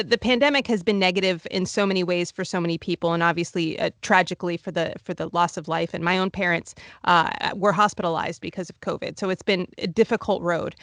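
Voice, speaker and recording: A woman's voice: on the low side, a bit bright, dry recording. A woman guest in a conversational interview, speaking articulately with frequent restarts and repeated words. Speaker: guest, wheelchair travel blogger.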